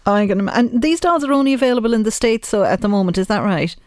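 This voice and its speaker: A male radio host interviewing a guest, with warm, prompting questions. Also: high-pitched, expressive, fast talker, no echo, studio quality.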